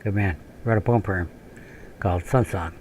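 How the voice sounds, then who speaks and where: A man's voice: low-pitched, a little fast, a little mellow, slight background noise. A man from northern Minnesota who hosts a gaming channel, rambling through profane personal stories and tangents while he plays. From northern Minnesota, USA. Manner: meandering, profane storytelling with frequent laughs and tangents. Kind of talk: rambling commentary during gameplay.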